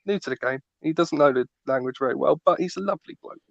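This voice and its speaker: A man's voice: fairly high pitch, fast talker, creaky, dry recording, lo-fi sound. A man co-hosting a podcast, ranting playfully in casual chat and acting out little scenes. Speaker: podcast co-host.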